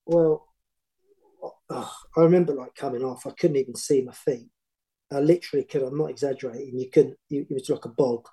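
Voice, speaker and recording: A middle-aged man, a former football manager, telling long animated anecdotes in casual podcast chat with many restarts. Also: medium pitch, brisk, poor audio. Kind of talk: casual storytelling.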